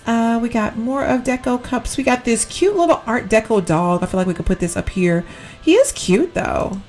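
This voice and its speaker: A woman chats through a game decorating session, her voice bouncing up and down in pitch as she rambles and corrects herself. Faint music plays under her commentary. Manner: chatty, rambling, self-correcting, giggly. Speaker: Sims gameplay YouTuber. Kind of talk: casual gameplay commentary.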